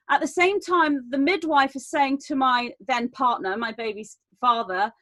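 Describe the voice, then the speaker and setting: A woman telling a personal story in a panel talk, earnest and animated, with frequent restarts. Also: sits high, no echo. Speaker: round table guest.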